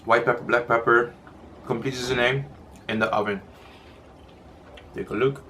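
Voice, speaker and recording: A man talks at a relaxed pace through a home eating video, pausing to chew and drifting between topics. His voice sits at an ordinary middle pitch. A faint hiss of background noise runs under the recording. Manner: chatty, rambling, eating between words. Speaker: mukbang vlogger. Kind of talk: casual chat while eating.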